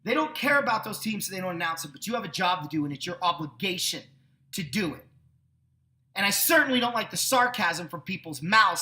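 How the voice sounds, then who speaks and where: A man's voice: high voice, lively intonation, a little fast, bright, forceful tone, reverberant. A man hosting a sports podcast, ranting indignantly with sarcasm. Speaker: podcast host. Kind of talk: sports opinion rant.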